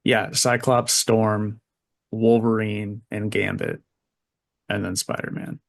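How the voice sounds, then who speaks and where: A man co-hosting a podcast in casual chat, relaxed and plain-spoken. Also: on the low side, slow pace, vocal fry. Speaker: podcast co-host.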